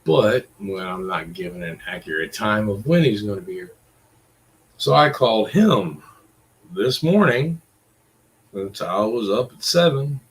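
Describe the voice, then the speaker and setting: Slow-talking, cursing man in his forties. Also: medium pitch, poor audio. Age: 40s. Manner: profane, rambling and exasperated. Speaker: vlogger. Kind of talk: casual ranting monologue.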